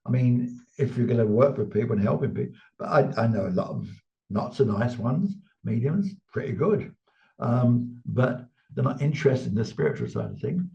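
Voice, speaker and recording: An older English man, a medium, telling lively anecdotes in a casual interview and laughing often. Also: medium pitch, moderate pace, creaky. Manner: chatty storyteller, laughs often, lively quoted voices. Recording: slightly dull sound.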